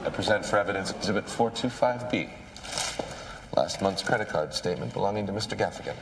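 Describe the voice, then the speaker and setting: A man's voice: deep voice, fast talker, gravelly. A man delivering a theatrical mock-prosecutor speech in a comedy sketch. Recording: echoey hall, faint noise.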